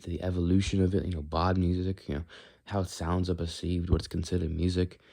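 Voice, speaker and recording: A man rambles calmly in a put-on British accent, his voice low and mellow. His questions come out with an inquisitive lilt. His mouth sounds dry as he speaks. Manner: calm, musing, inquisitive tone. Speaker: video creator. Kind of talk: rambling solo monologue.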